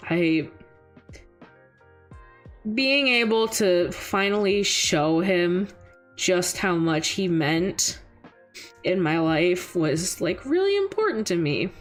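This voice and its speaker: A young woman streamer telling a personal story in casual chat, rambling with lots of fillers and jumping higher when she quotes people. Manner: acts out quoted voices in a higher pitch. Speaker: VTuber streamer.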